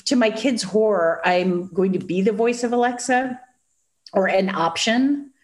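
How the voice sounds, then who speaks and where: A woman with a nasal Chicago accent, a guest in a casual chat, telling stories with lively acted-out quotes. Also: medium pitch, a little slow. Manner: animated storyteller, acts out quoted voices.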